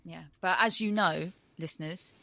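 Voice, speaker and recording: A woman's voice: fairly low pitch, moderate pace, creaky, pushed and bright. A woman co-hosting a podcast in casual chat, rambling and gushing with many ums. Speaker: podcast co-host.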